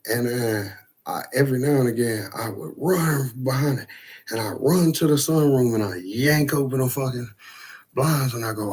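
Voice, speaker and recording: A man casually telling a profane, animated story about a frightening night. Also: medium pitch, moderate pace, breathy edge.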